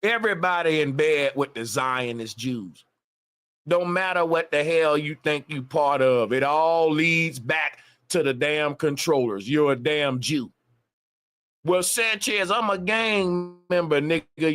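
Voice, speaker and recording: A man's voice: a little high, a little slow, a bit bright. Man ranting emphatically on a livestream. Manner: emphatic, profane, repetitive ranting. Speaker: live streamer. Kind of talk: casual livestream rant.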